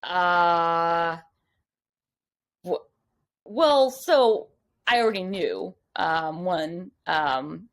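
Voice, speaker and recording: A woman as a podcast guest, telling a story in casual chat, rambling and animated, full of "like" and acted-out quotes. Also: fairly low pitch, very slow, pauses often.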